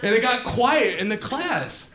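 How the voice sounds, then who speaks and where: A man's voice: very high-pitched, big pitch swings, measured pace, pushed and bright. A man performing a stand-up comedy set on a club stage, telling stories with playful asides to the crowd. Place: comedy club stage before a live audience. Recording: echoey club with clear audience noise.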